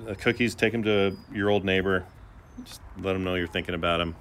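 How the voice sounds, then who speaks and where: A middle-aged man co-hosting a podcast, telling stories in a chatty, animated way. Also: low voice, fairly quick, slight background noise. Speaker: podcast co-host. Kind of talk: casual chat.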